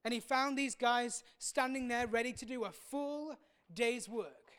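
A woman's voice: fairly high pitch, a little slow, fairly bright tone, clean tone. A woman preaching a sermon in a frank, conversational way.

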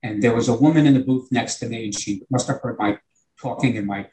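A man's voice: medium pitch, a little fast, mellow, low-quality recording. An older man with a New York accent, a retired teacher telling a long, earnest anecdote in conversation. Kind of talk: conversational storytelling.

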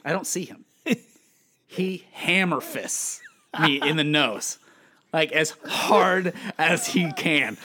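A man in his thirties co-hosting a podcast, telling stories in a lively, chatty way with plenty of fillers. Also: a little high, takes it slowly. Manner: animated storytelling with many fillers. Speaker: podcast co-host. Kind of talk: casual chat.

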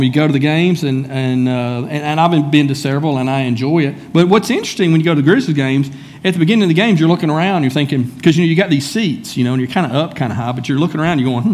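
A man's voice: fairly high pitch, darkish tone. A man preaching a sermon in a church, speaking conversationally and calling on listeners by name. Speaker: pastor.

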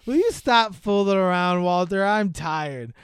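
A man voicing a fed-up wife who calls through the house in a shrill, exasperated voice. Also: expressive, measured pace, smooth, no room sound, clean studio sound.

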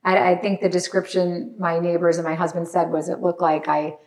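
A woman guest on a podcast recounts a frightening personal story, emotional and apologetic, crying at times and restarting often. Her voice is fairly low and a little mellow, with little pitch movement and a brisk pace.

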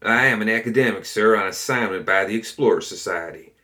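A man putting on a pompous, cowardly gentleman explorer. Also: brisk. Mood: haughty. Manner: haughty, turning shrill and pleading.

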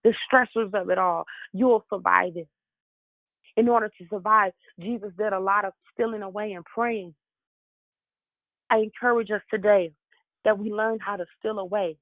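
A woman's voice: medium pitch, fairly even intonation, normal speed, dry recording. Fervent woman preaching over a phone line. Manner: fervent, repetitive exhortation. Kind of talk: devotional sermon. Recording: tinny dry phone line.

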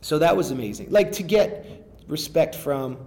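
Mellow-voiced rambling male rapper. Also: fairly high pitch, animated, normal speed. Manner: rambling, restarts often, enthusiastic. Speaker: rapper and interview guest. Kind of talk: casual interview conversation.

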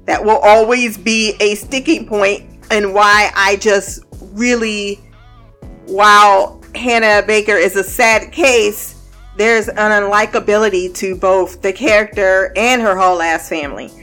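A woman's voice: mid-range voice, steady tone, a little slow, a bit bright, faint music behind. A woman giving a casual, blunt and profane recap of a TV show, often breaking into laughter. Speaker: TV show reviewer.

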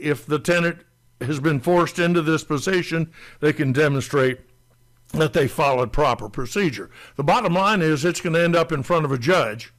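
A man co-hosting a talk show, explaining rental rules in a deliberate way and stressing key words. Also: fairly high pitch, a bit bright. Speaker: landlord co-host explaining rental law.

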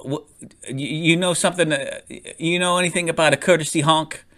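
A man's voice: fairly high pitch, steady tone, brisk, a bit bright, voice pushed up, close to an everyday voice. A man briefly putting on the voice of a menacing middle-aged man with a Southern accent, drawling and threatening. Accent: American Southern, put on.

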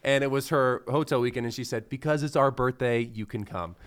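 Male podcast host, casual interview chat, playful and animated, mid-range voice. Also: medium pitch, a little fast, smooth.

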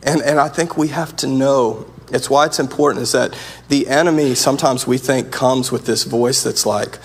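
Gravelly-voiced man preaching earnestly. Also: mid-range voice, normal speed. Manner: earnest, conversational preaching with many restarts. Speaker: pastor. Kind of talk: sermon.

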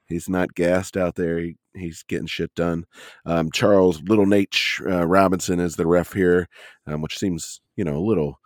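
Very deep-voiced man in laid-back chat. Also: fairly even intonation, moderate pace, darkish tone, no room sound, clean studio sound. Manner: laid-back, joking, laughs often. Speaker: podcast co-host. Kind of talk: casual chat reviewing a wrestling match.

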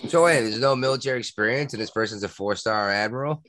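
A man's voice: medium pitch, fast, fairly bright tone, dry recording. A man hosting a casual podcast, talking bluntly with crude jokes.

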